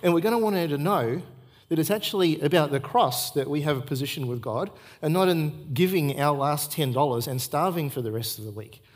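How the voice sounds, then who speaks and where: A man's voice: fairly high pitch, a little fast. A middle-aged man, preaching a sermon at a church service and repeating key points for emphasis. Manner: earnest storytelling with emphatic repetition. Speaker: pastor.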